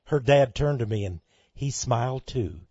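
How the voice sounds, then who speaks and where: Guy preaching a sermon, big loud bursts then drops to quiet, kinda husky, dull old recording. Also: medium pitch, animated, normal speed, no echo. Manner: dramatic, swinging between loud outbursts and hushed asides; addresses listeners as friends.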